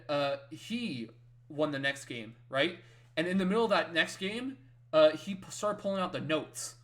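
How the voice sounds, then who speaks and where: A man co-hosting a podcast, telling a story casually with lots of fillers and tag questions, growing loud and excited when he retells his wins. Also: a little high. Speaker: podcast co-host.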